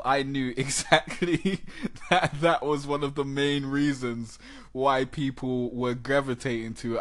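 A man hosting a casual podcast, talking in an animated, chatty way and laughing often. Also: mid-range voice. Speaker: podcast host.

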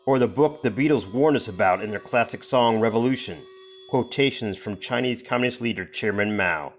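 A man's voice: fairly low pitch, a little fast. A man reading a scripted advertisement in a dramatic, announcer-like way. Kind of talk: scripted ad read.

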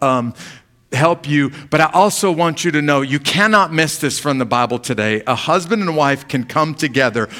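A man preaching an earnest, pleading sermon as pastor, rising in force when he reads scripture and sinking low and soft at the ends of his phrases.

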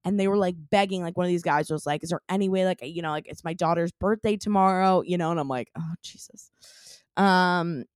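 A woman's voice: fairly low pitch, fast talker, hardly any pauses, dry recording, clean studio sound. A young adult woman co-hosting a podcast, telling a story in casual chat with many "like" fillers. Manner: animated storytelling, lots of "like" fillers. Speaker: podcast co-host.

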